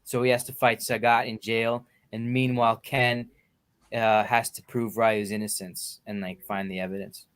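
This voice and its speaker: A man's voice: lowish voice, flat delivery, moderate pace, fairly bright tone, clean tone. A man hosting a casual chat, telling stories with many fillers. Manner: enthusiastic storytelling, fillers like "like". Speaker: podcast host.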